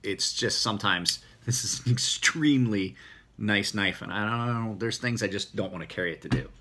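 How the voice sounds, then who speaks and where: Husky-voiced man with a country accent. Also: fairly low pitch, moderate pace. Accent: rural American country accent. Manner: rambling, relaxed, self-correcting. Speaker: knife maker answering viewer questions. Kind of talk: casual Q&A video.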